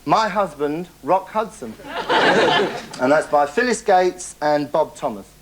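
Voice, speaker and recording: A man's voice: fairly high pitch, lively intonation, slow pace, heavy background noise. A man hosting a comic monologue, boastful and rambling, chuckling at his own stories. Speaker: comedy character host.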